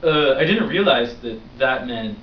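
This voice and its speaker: Captured from a distance in a dull, roomy space with slight background noise, this young vlog host tells a casual story. He rambles animatedly, leaning on lots of fillers, his mid-range voice moving a little slowly.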